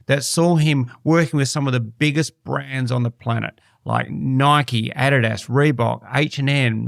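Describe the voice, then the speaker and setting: A man's voice: medium pitch, gravelly, a bit bright, no echo, clean studio sound. An Australian man hosting a farming podcast, laid-back and matey, chatting with a remote guest. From Western Australia. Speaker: podcast host. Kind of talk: casual podcast interview.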